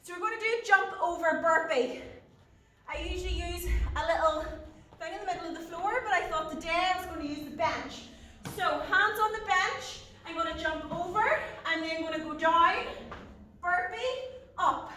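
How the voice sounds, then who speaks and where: A woman talking through a workout as a fitness instructor, giving brisk, short coaching cues. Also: extremely high pitch, bright, forceful tone, slight background noise. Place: indoor gym. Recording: echoey gym, mic at a distance.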